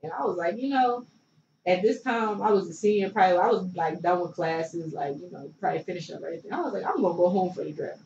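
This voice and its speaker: A woman's voice: fairly low pitch, quick pace, creaky, darkish tone. A young woman from Philadelphia tells her story as an interview guest, rambling casually with plenty of likes and you knows. She sits back from the mic in a roomy space, so her voice sounds distant and echoey. The sound is dull, with a faint noise underneath. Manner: loose and chatty, filler-heavy with many likes and you knows. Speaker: guest, former pro basketball player.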